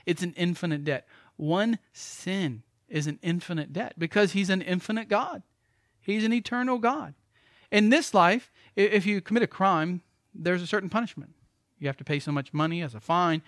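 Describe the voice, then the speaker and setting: A man preaching a sermon as pastor, emphatic and pleading, swinging from loud exclamations to hushed lines. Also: high-pitched, normal speed, no echo, studio quality.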